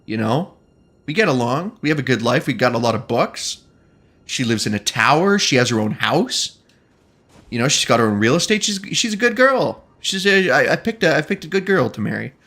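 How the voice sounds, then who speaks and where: A man's voice: mid-range voice, sing-song, normal speed, sharp tone. A man streaming a video game, chatting casually and joking with his viewers, often breaking into laughter. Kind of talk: casual gaming commentary.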